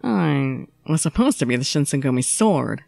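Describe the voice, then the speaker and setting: A woman voicing an ill young male swordsman who talks in a low, subdued, wry drawl. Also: big pitch swings, moderate pace, gravelly, darkish tone, faint music behind, heavily acted. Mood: despondent.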